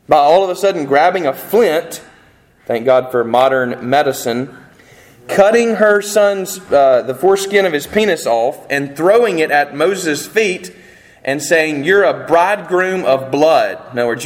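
Conversational preacher with a high voice. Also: male voice, poor audio. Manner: conversational, acts out quoted voices, self-interrupting. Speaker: pastor. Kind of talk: sermon.

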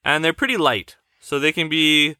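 Low-voiced woman podcast host, patient and coaxing like a teacher, bright tone, dry close mic. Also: normal speed, no room sound. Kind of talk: casual podcast chat with a child. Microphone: desk microphone.

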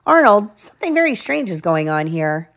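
A mom doing a brisk school principal. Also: female voice, mid-range voice, big pitch swings, fairly bright tone. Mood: officious. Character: stern adult male school principal.

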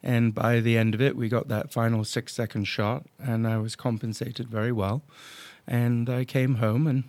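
A man casually telling a story as a podcast guest, animated and acting out the people he quotes, with some swearing. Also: mid-range voice, normal speed, no echo. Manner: salty, swears freely. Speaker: podcast guest, drone business owner.

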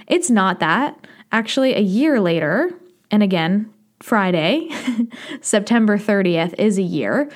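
A woman's voice: mid-range voice, animated, measured pace. Candid woman hosting a solo podcast. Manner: candid, reflective, laughs easily. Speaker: podcast host.

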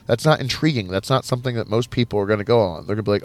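A man's voice: lowish voice, racing, hardly any pauses. A man preaching as a podcast host in a casual, conversational way, rambling and emphatic. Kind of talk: casual sermon.

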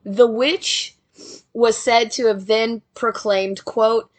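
A young woman tells a ghost story in a relaxed, conversational voice. She drops playful asides to her listeners as she goes, sounding like she is chatting with friends more than reading. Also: fairly high pitch, slow. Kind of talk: casual storytelling narration.

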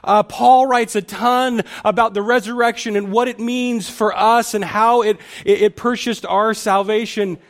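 A man's voice: sits high, fairly even intonation, unhurried, hardly any pauses. A male pastor giving a conversational sermon, often restarting and repeating words as he thinks aloud.

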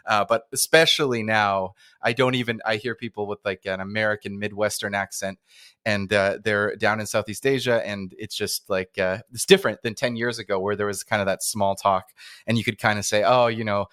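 A man's voice: lowish voice, steady tone, brisk, a bit bright, clean tone, no echo, studio quality. A man from Canada hosting a podcast, asking questions in a rambling, self-interrupting way. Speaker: podcast host. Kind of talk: casual interview chat.

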